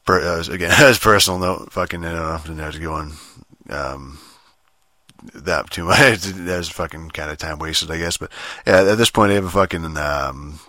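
A man's voice: sits low, normal speed, bright, forceful tone, no echo, clean studio sound. A man ranting casually about his gear as a gaming vlogger, swearing constantly, rambling and laughing often. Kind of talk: casual rant.

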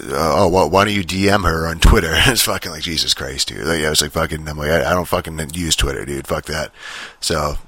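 Deep-voiced man ranting with constant swearing. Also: pushed and bright, no room sound. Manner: profane, rambling, frequent fillers and restarts. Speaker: podcast host. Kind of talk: casual rambling monologue.

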